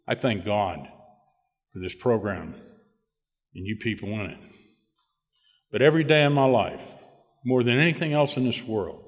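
A man's voice: fairly low pitch, moderate pace, pauses often, big-room sound. An older man giving a personal recovery testimony at a meeting, rambling with many "you know"s and rising to emphatic bursts.

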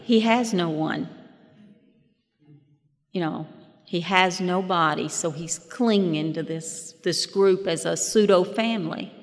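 A woman's voice: lowish voice, unhurried. Folksy woman telling stories in a hall. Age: 50s. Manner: folksy, self-deprecating, chuckling asides. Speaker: speaker sharing at a recovery meeting. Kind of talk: personal testimony with humorous storytelling. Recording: long hall reverb.

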